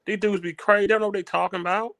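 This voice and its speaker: Blunt, slangy man with a higher voice. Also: fairly even intonation, rapid-fire, gravelly, a bit bright. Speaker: podcast co-host. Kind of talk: casual chat.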